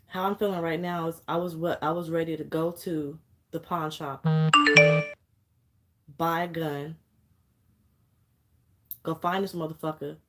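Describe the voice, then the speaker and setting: A young woman venting on camera in an angry, profane vlog rant, fighting back tears. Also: low-pitched. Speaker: vlogger.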